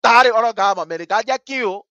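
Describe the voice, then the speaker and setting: A man with a Liberian English accent hosting a talk show. He tells a story with passion, swinging between hushed and loud. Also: sits high, fast, no echo, dull audio. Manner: vivid, story-driven. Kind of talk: animated radio commentary with storytelling.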